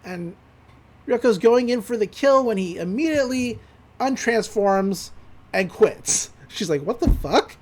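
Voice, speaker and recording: A man's voice: sits high, lively intonation, unhurried. A man on a podcast casually recapping an anime episode, rambling with fillers and the odd laugh. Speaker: podcast co-host.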